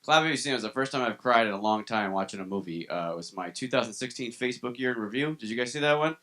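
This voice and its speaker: A man doing a live stand-up set in a comedy club, telling dark, self-deprecating jokes and talking with the crowd. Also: mid-range voice, expressive, rapid-fire.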